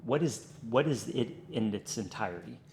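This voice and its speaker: Male host, lowish voice, reflective questioning, slight background noise. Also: animated, moderate pace, creaky, a little mellow. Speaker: podcast host. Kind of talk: conversational interview.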